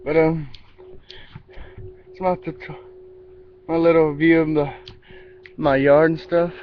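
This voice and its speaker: A man's voice: a little high, flat delivery, slow, slight background noise. A man telling a rambling story outdoors in casual vlog style, with restarts and mimicked sound effects. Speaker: vlogger. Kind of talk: casual spoken anecdote. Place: outdoors in a yard. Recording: dull lo-fi with faint outdoor ambience.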